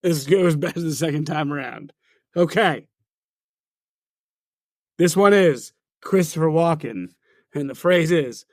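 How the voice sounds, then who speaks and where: A man's voice: on the high side, measured pace, pauses often, dry recording, clean studio sound. A man co-hosting a podcast, running an impression game and laughing often. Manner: laughs a lot, playful game-show judging. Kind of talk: casual chat.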